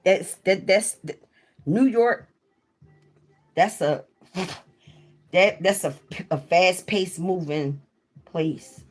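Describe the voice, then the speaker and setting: Young woman, South Jersey accent, casual livestream chat, rambling and candid, slow pace. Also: fairly low pitch, faint music behind. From South Jersey, USA. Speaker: livestream host.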